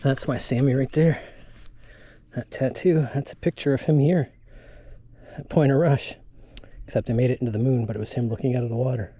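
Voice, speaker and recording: A man's voice: mid-range voice, fairly even intonation, a little fast, long pauses, warm tone, breathy edge. A man talking candidly and reflectively into a handheld phone on an outdoor nature trail, spurring himself on as he walks and jogs. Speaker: bereaved father vlogging. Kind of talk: candid walking-and-jogging vlog.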